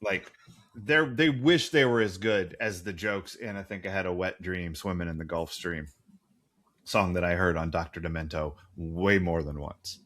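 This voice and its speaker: A man's voice: low voice, moderate pace, fairly bright tone. A man co-hosting a podcast, recapping a TV episode in a casual, profane, sarcastic way. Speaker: podcast co-host.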